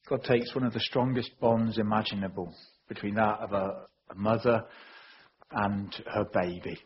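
A man delivers a sermon in a low, heavily raspy voice. He speaks earnestly and steadily and leans on repetition for emphasis. The recording sounds dull and lo-fi. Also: steady tone, normal speed. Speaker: preacher.

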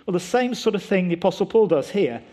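A man's voice: sits high, animated, fast talker, warm tone. A man preaching a sermon, explaining scripture emphatically and posing rhetorical questions to his listeners.

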